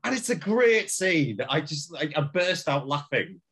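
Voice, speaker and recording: A man's voice: on the high side, very animated, a bit bright, slightly rough. A man co-hosting a podcast, rambling through film talk with lots of fillers and restarts. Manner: rambling, halting, many fillers. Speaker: podcast co-host. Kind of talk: casual film discussion.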